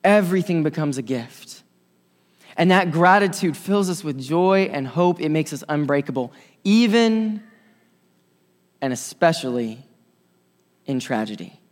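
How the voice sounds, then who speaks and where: A man preaching a sermon in a fairly high voice, rising to loud, urgent stretches and dropping to quiet, soft ones. His voice rings out with a long reverb, as in a large church sanctuary. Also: animated, a little slow, pauses often. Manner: impassioned preaching, swinging between loud and soft. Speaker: pastor.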